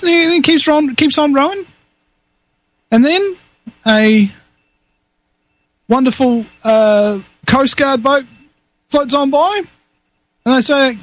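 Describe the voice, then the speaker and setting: A man's voice: animated, a little slow, pauses often, dry recording. A man hosting a talk show, telling a story in an emphatic way. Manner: emphatic, storytelling, swoops up high on key words. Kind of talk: animated talk show monologue.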